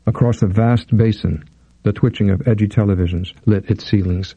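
Gravelly, dark-voiced male narrator. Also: fairly low pitch, steady tone, moderate pace, dry recording, rough recording. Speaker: audiobook narrator. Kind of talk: scripted narration.

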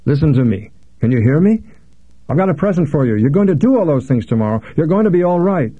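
A man's voice: fairly high pitch, fast talker, slightly rough, pitched above the performer's own voice. A man reading an audiobook, voicing a young unemployed actor with an easy, trained manner. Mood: soothing. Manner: easy, trained, calm delivery. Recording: dry, phone-like narrow sound.

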